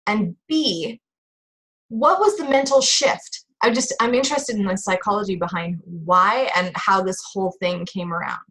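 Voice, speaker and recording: A woman chatting casually about a book, reading passages aloud and musing with drawn-out emphasis. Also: medium pitch, a bit bright. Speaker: co-host discussing a book.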